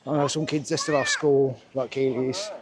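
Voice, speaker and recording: A man from England talks casually to his handheld camera outdoors at a castle, rambling along with plenty of fillers. His voice sits at a mid pitch. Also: fairly even intonation, moderate pace. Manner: chatty, rambling with many fillers. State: out of breath. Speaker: family vlogger. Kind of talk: casual vlog chat.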